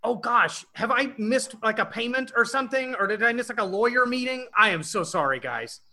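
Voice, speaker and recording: A man's voice: extremely high pitch, lively intonation, fairly quick, bright, forceful tone. A man from Puerto Rico, a guest on a video call in an improv comedy scene, talking casually and dodging blame. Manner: casual, evasive, defensive. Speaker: guest, angel investor.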